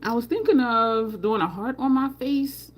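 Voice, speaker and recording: A woman with a fairly high voice hosts a casual livestream at a moderate pace. She chats with viewers and answers their comments while doing her makeup.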